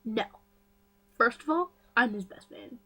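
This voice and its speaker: A woman's voice: a little high, expressive, measured pace, pushed and bright, breathy edge, poor audio. A woman vlogger casually recapping a story, chatty and full of fillers and gossipy asides.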